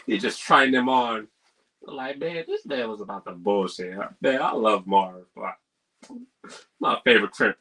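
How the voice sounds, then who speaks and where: Bright-voiced man casually recapping a film. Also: fairly low pitch. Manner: slangy, chuckles often while recounting scenes. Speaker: movie reviewer, live stream host.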